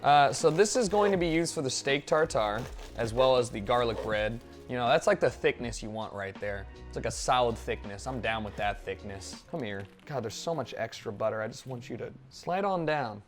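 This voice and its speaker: A man's voice: medium pitch, animated, normal speed, faint music behind. Joking, swearing young man cooking live. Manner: joking, profane, rambling commentary with sudden loud outbursts. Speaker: streamer cooking on stream. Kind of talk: casual live-stream chat while cooking.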